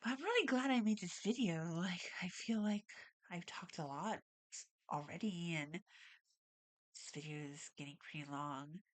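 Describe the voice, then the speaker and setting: A woman's voice: on the low side, normal speed. A woman vlogging casually at home, rambling and saying "like" a lot, with a stuffy nose and audible breathing. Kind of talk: casual talk to camera. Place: at home, alone.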